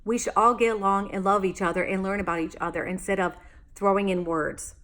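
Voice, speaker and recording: A woman vlogging in an exasperated, rambling way, full of fillers and false starts. Her pitch sits in an ordinary middle range for a woman. She tells the story like a casual rant to her viewers. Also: fairly even intonation, a little fast, fairly bright tone. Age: adult, married homeowner.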